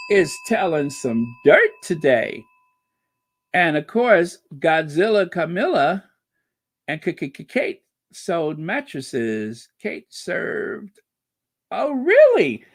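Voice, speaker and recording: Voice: mid-range voice, big pitch swings, drawn-out words. A channel host giving casual commentary and reading out viewer comments, drawling and sarcastic with playful wordplay asides.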